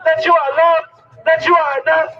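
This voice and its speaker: A hoarse woman with a very high voice leads a rally crowd in call-and-response chants, shouting line after line. Her voice comes through a muffled livestream, with a loud crowd and music around her. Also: little pitch movement, normal speed, slight background noise. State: hoarse, losing voice. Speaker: rally speaker.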